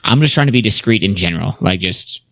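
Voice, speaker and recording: Man, tabletop player, casual, swears a lot, lowish voice, dry sound. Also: lively intonation, fast, vocal fry, fairly bright tone, dry recording. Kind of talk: casual tabletop game chat.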